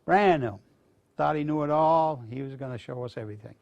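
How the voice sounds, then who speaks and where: Older guy from maine, gravelly voice, rambling through an old school story to a bunch of kids. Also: mid-range voice, quick pace, darkish tone, highs cut off. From Maine, USA. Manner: rambling, folksy anecdotes with restarts. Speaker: veteran guest speaker. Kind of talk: casual storytelling to students.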